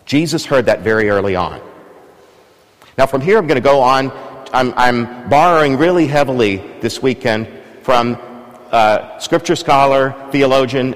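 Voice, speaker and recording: A male preacher delivers a sermon in a relaxed, conversational way, regularly turning questions back to the congregation. His voice sits at an ordinary pitch for a man. The sound carries a long reverb from a large church.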